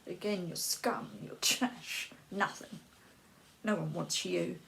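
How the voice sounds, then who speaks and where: Slow, soft-spoken woman, half-whispering. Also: fairly low pitch, steady tone, creaky. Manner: soft and halting, dropping at times to an unvoiced whisper; repeats words and phrases. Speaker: vlogger sharing personal experience. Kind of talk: slow personal monologue.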